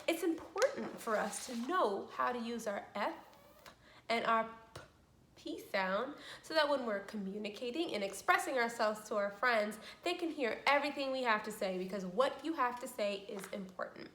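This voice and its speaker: A woman giving a children's speech lesson as a speech therapist, talking slowly with exaggerated, encouraging teacher delivery. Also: a little high, expressive, a bit bright, reverberant.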